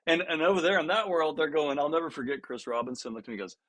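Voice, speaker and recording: A man's voice: a little high, very fast. A man, a guest musician on a podcast, telling stories in casual talk, laughing often and restarting his sentences. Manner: lively storyteller who acts out what others said. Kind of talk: casual storytelling in a podcast interview.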